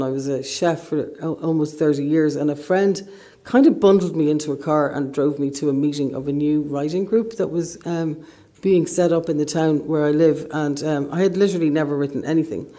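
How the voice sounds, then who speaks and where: A woman's voice: low-pitched, mellow. Woman, middle-aged, southern Irish accent, author, hesitant, self-deprecating, conversational. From Northern Ireland. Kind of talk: conversational interview at a book event.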